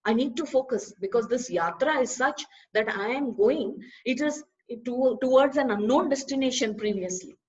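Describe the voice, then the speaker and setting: A woman gives a spiritual discourse in a somewhat high voice. She talks in an animated way, firing off rhetorical questions. The recording is dull and lo-fi. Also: moderate pace, hardly any pauses. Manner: animated, asks rhetorical questions, acts out dialogues. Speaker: spiritual teacher.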